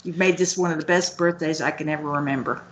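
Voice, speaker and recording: A woman's voice: sits low, steady tone, fast talker, dull audio, a little hiss or hum. Gushing, enthusiastic woman guest. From Kentucky. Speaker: guest author and UFO researcher. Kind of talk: casual radio interview.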